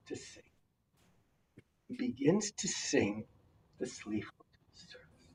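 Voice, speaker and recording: A man telling a folk tale to his congregation in a halting, lively way, often repeating words, in a synagogue sanctuary. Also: on the high side, far from the mic, slight background noise, low-quality recording. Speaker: storyteller.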